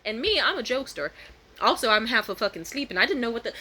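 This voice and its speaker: A young woman vlogging a casual storytime rant, swearing freely and switching to high, loud voices when she quotes people. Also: quick pace. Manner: animated, profane, jumps into high voices when quoting.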